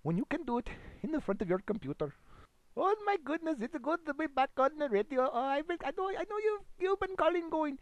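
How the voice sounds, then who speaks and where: A man's voice: extremely high pitch, a little fast, dry recording. A man doing a bumbling broken-English radio DJ. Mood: rambling. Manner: broken English, exaggerated put-on foreign delivery; rambling, excitable, swings between loud bursts and mumbles. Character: bumbling foreign-sounding male radio DJ, rambling and crude. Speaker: comic radio host persona. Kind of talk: improvised comedy monologue. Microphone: home computer microphone.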